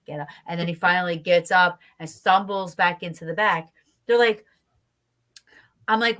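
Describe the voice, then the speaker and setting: A woman's voice: fairly low pitch, normal speed, sharp tone. A woman co-hosting a casual chat show, telling a story bluntly and animatedly with plenty of swearing. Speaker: podcast co-host.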